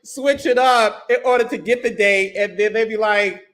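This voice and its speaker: High, bright-voiced man laughing in chat. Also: moderate pace. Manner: playful, laughs often, slips into a deeper put-on voice. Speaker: podcast host. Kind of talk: casual chat.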